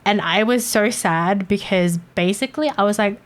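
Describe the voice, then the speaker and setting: A woman's voice: mid-range voice, moderate pace. A woman streamer telling a personal story in casual chat, candid and swearing freely, with chuckles between points. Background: faint background music.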